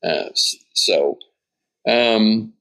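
A man with a lowish voice delivers an informal sermon. He reads passages aloud, breaks off to explain them, and keeps checking in with his listeners. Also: expressive, drawn-out words, sharp tone. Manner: informal, checks in with "right?" and "okay?". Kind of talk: conversational Bible teaching.

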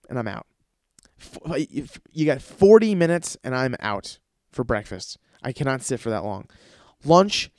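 A man tells stories on his podcast in a loose, crude, rambling way. His voice sits at a middle pitch and is recorded dry and close, with no room sound. He often jumps into a higher voice to act out the people in his stories. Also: smooth, no echo. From lives in Los Angeles. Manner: profane, rambling, animated, mimics others in high voices. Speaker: podcast host. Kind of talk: casual storytelling monologue.

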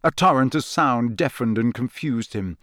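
A man reading a novel aloud as narrator, in a measured, steady manner. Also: medium pitch, dry recording, studio quality. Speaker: audiobook narrator. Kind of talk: scripted narration.

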